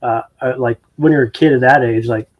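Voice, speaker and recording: A man's voice: mid-range voice, fairly even intonation, a little fast, dull audio. A man in casual chat with easygoing, dry remarks.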